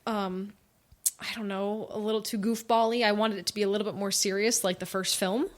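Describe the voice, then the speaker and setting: A woman's voice: medium pitch, level tone, a little fast. Giggly chatty woman podcast host. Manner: chatty, giggly, trips over her words. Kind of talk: casual podcast chat.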